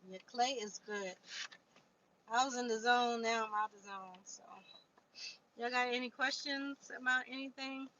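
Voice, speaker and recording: A woman's voice: on the high side, steady tone, a little slow, bright, forceful tone. A woman casually chatting on a livestream, answering viewer comments and reading aloud from a book. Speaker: livestream host. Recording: dull lo-fi stream audio with faint noise.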